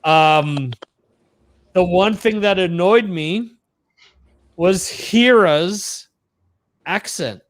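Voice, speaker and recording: A man co-hosting a podcast, chatting casually with frequent pauses and restarts. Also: high voice, no echo. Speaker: podcast co-host. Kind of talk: casual chat about TV shows. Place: home in Spain.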